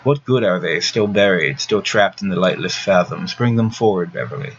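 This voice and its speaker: A man voicing a gentle, eerie young man, speaking in a soft, hushed, measured way. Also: deep voice, lo-fi sound, slight background noise. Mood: soothing.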